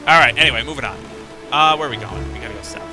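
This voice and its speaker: A man's voice: medium pitch, very fast, music in the background. A young man streaming a game, casually talking through his play with chatty, muttered asides. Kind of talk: casual live gameplay commentary.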